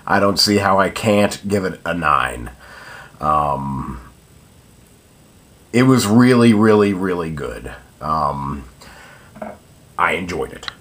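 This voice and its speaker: A man's voice: low-pitched, lively intonation, slow, pauses often, a bit bright. A young man giving a casual spoken film review, hesitant and full of ums and uhs.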